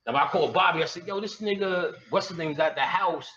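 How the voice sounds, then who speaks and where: Slightly fast and high-pitched, a male comic tells crude stories to a live crowd in a lecture room, swearing heavily, using lots of slang, and laughing and shouting at his own punchlines. The recording is lo-fi, taken from a distant mic in an echoey room.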